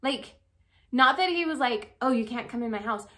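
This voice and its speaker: A young woman giving relationship advice as a life coach, chatty and animated, full of "like" and "um". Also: fairly high pitch, moderate pace. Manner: chatty, frequent "like" and "um", animated storytelling. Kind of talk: casual advice talk to camera.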